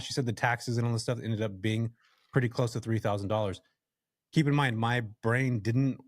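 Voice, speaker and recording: A man from California, a podcast guest, telling a story from his working life in a casual, animated way and addressing the listeners directly. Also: mid-range voice, no echo, studio quality. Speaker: podcast guest, real estate investor.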